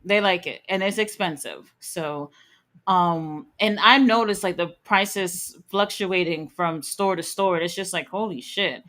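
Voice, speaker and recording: A woman hosts a live wrestling watch-along in a lowish, fairly bright voice, speaking a little slowly. She chats casually, reads chat messages aloud, and gives blunt, opinionated takes with the occasional curse word.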